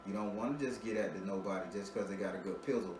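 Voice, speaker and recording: A spiritual reader gives a client a tarot reading in a loose, joking way, swearing freely, laughing between points, and stumbling over repeated words as he restarts. His voice is on the low side and fast, sitting back from a distant mic in a roomy space with steady background noise.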